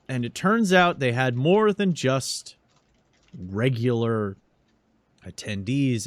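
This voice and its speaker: A man narrating a tabletop game as game master, in a casual, unhurried storytelling manner. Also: mid-range voice, dry recording.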